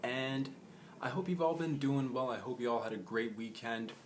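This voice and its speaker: A man's voice: medium pitch, fairly even intonation, normal speed, background noise. A young man hosting a comedy show, telling a brash, jokey monologue and calling his audience bros.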